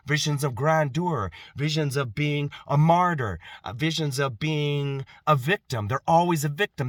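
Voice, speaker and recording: A man's voice: on the high side, fairly bright tone, dry recording, studio quality. A middle-aged man delivering an emphatic personal monologue to camera, piling up rhetorical questions and repeating himself for effect. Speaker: vlogger.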